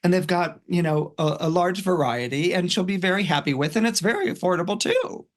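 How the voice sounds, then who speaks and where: A man's voice: high voice, big pitch swings, fairly quick. A man voicing a kindly old Santa Claus from a film he is retelling, cheerfully reassuring and sure of himself.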